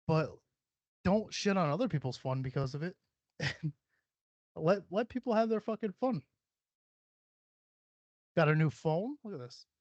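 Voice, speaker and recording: A man's voice: a little high, animated, a little slow, long pauses, darkish tone, no room sound. A man hosting a podcast in casual chat, talking about himself with lots of profanity and self-mockery. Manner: profane, self-deprecating, rambling. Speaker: podcast host. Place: room at home. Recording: dull, dry sound.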